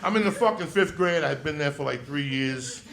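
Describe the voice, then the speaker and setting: A man's voice: fairly high pitch, animated, a little fast, creaky, very noisy. A man telling a rowdy childhood story on stage as a stand-up comedian, swearing and laughing as he goes.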